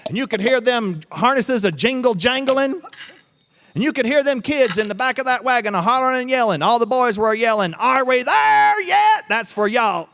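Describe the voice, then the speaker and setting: Man, high voice, folksy tall-tale drawl, live storytelling. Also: a little fast, a bit bright. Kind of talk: live storytelling to a family audience. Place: festival tent.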